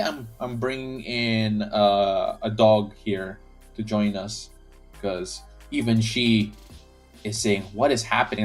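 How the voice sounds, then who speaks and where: A man hosting a live basketball watch-along stream, calling the action casually and reading viewer comments aloud. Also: mid-range voice. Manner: chatty, reads viewer comments aloud, frequent restarts. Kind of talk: casual play-by-play and chat reading.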